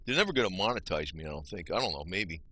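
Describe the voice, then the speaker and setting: A man's voice: deep voice, expressive, fast, sharp tone. A man rambling frustratedly to his viewers, explaining things on his screen. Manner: rambling, frustrated, talks to viewers as "you guys". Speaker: vlogger. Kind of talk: rambling screen-share rant.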